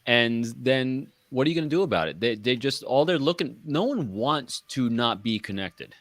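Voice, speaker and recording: Man, New York accent, mid-pitched, earnest, podcast co-host. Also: animated, moderate pace, a bit bright, no echo. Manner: earnest, advice-giving. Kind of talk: casual panel chat.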